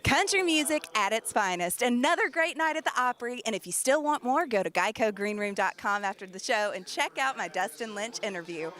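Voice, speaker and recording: A woman's voice: fairly high pitch, expressive, a little fast, few pauses, fairly bright tone. A woman from Tennessee with a Southern accent, hosting a live-stream show in a bubbly, gushing way. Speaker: livestream host.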